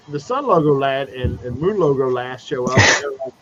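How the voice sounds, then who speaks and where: A man on a livestream video call recapping a comic book in a profane, animated way, slipping into mocking voices for the characters. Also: medium pitch, fairly quick. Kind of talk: casual livestream chat. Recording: dull lo-fi stream audio with noise.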